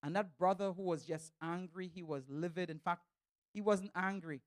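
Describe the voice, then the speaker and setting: Lively man telling a church talk. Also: high-pitched, moderate pace, no echo. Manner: animated storyteller, stammering restarts. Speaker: church speaker. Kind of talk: humorous sermon talk.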